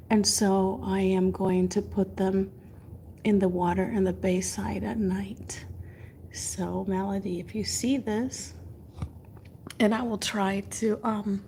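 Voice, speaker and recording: Woman host, unhurried, casual live chat with viewers, faint room hum behind. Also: mid-range voice. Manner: chatty, greets viewers by name, drifts into soft whispers. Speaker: livestream host.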